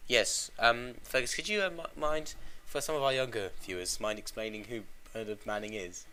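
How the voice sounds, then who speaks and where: A man co-hosting a comedy podcast, mock-formal and jumping from mumbles to loud outbursts. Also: mid-range voice, normal speed, a little hiss or hum. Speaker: podcast co-host.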